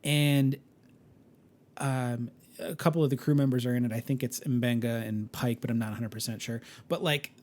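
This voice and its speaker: On a podcast, a male co-host chats casually in a medium-pitched, steady, slightly mellow voice at a moderate pace. He's enthusiastic, laughs a lot, and trips over fillers and restarts.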